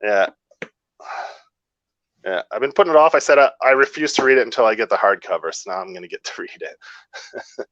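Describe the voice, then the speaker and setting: A man's voice: lowish voice, expressive, a little fast, pauses often, fairly bright tone, dry recording. A man co-hosting a podcast in casual chat, earnest and rambling as he gives advice. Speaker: podcast co-host. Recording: dry, slightly dull lo-fi audio.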